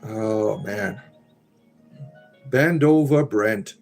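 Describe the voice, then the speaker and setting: A man hosts a casual livestream chat in a lowish, creaky, darkish voice, drawing out his words. He reads comments aloud with wry remarks and muttered asides as faint music plays behind.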